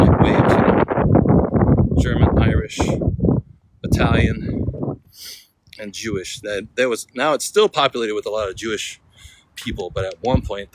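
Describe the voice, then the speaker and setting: A man talking casually as he walks through a city for a vlog, rambling and laid-back, laughing often and using slang. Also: on the low side. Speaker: vlogger. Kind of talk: casual walking vlog chat. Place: city streets outdoors. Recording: outdoor street noise behind.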